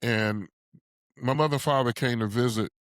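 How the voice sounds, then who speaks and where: A man's voice: mid-range voice, moderate pace, no room sound, clean studio sound. A man in his sixties from Ohio, a podcast guest telling stories conversationally and chuckling often. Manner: animated storyteller who chuckles often. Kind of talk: conversational storytelling.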